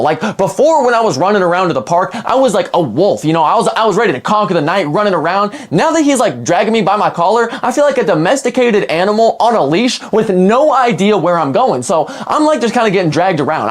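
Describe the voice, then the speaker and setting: A young man casually narrating a personal story, rambling and animated, full of "like" fillers. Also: high voice, quick pace, few pauses. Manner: animated, rambling, heavy use of "like".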